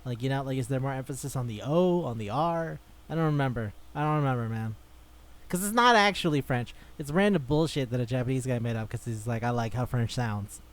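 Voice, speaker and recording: A man's voice: medium pitch, brisk. A man co-hosting a podcast in casual chat, rambling, swearing freely and laughing often. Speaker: podcast co-host.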